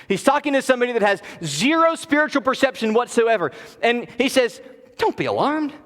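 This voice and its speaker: High-pitched guy preaching in a church, goes loud then real quiet, big echo. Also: lively intonation, brisk. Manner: dynamic preaching, swings between loud emphatic lines and hushed low passages. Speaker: pastor. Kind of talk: sermon. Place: church sanctuary. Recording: long hall reverb of a church.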